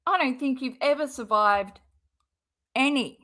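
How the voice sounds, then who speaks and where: A woman with a high voice and a slow, deliberate way of talking gives exasperated, sarcastic commentary. She swears often and has a cold. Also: animated, fairly bright tone. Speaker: reaction streamer. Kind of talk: angry commentary over a clip.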